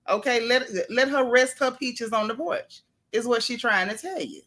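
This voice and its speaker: A woman hosting a live stream from home sits near the camera, greeting every viewer by name in a playful, chatty manner. She speaks at a moderate pace in a slightly high voice with a bright, forceful tone.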